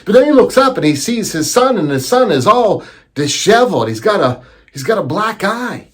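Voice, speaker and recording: A man telling a teaching story as a lesson, animated and acting out the voices he quotes. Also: high voice, normal speed, husky.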